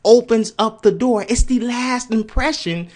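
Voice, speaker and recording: A man with a high-pitched voice giving an excited sales pitch for his online marketing course, addressing listeners as ladies and gentlemen. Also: measured pace. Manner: excited, emphatic, keeps saying "ladies and gentlemen".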